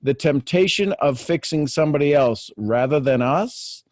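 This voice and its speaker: A man's voice: a little high, lively intonation, moderate pace, dry recording. A man hosting a spiritual talk show, reading a devotional aloud in an earnest, preacherly way. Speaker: podcast host.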